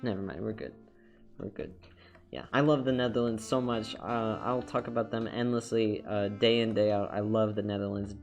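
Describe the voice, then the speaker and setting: A man's voice: fairly low pitch, steady tone, normal speed, creaky, a little mellow. A man chatting casually while he draws on a live stream, rambling and upbeat, full of fillers and restarts. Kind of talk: casual chat while drawing. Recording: faint music behind the voice.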